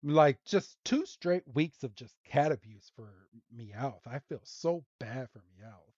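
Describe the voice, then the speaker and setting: A man hosting a podcast, recapping a cartoon episode in a casual, giggly, animated way. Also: medium pitch, slow pace, no echo, highs cut off. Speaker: podcast host.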